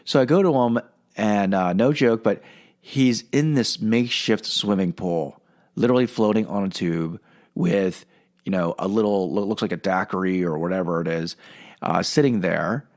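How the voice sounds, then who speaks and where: A man's voice: on the low side, normal speed, darkish tone. A man hosting a podcast, telling a long personal story in a casual, rambling way with lots of fillers and restarts. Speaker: podcast host.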